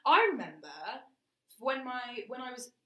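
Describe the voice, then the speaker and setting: A woman co-hosting a podcast, telling stories frankly and in an animated way, often laughing. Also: sits high, normal speed, echoey room, poor audio. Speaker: podcast co-host. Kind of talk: casual chat.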